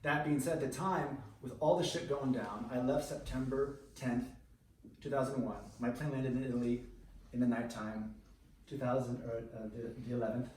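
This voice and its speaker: Blunt man in his thirties, swears freely, animated, heard from a distance in a roomy hall. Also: medium pitch, moderate pace. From United States. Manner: blunt, profane, animated storytelling. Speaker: speaker giving a talk. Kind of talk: candid freestyle talk. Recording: roomy echo, mic at a distance, faint noise.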